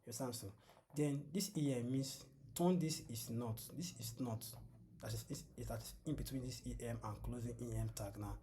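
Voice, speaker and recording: With background music underneath, a man runs a patient, repetitive screen-share coding lesson in which he keeps asking the class "what?" and answering on his own. His medium-pitched voice is warm and moderately paced, with a slight hiss or hum.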